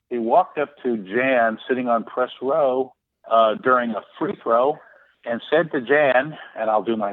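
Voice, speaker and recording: A man's voice: medium pitch, no room sound. A sportswriter in his sixties, telling an anecdote as a guest with lots of restarts and fillers. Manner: halting, frequent restarts and fillers. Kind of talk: storytelling anecdote in interview. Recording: tinny phone line.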